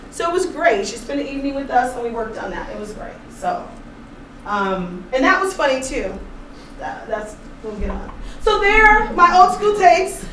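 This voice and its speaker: A woman giving an informal seminar presentation to a room, chatty and animated, telling stories with laughs. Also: sits high. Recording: roomy echo, distant mic, faint noise.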